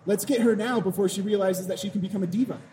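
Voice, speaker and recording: A man's voice: sits high, fairly even intonation, fast talker, warm tone, slight background noise. A man co-hosting a podcast live at a comic convention, laughing easily and pushing the conversation on. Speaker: podcast co-host.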